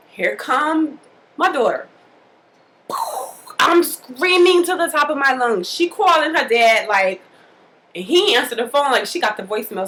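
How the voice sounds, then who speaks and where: A woman casually telling a personal story to the camera in a lively, colloquial way, acting out the scenes as she goes. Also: fairly high pitch, slight background noise, low-quality recording. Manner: animated, colloquial, acts out the scenes. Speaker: mother telling a birth story.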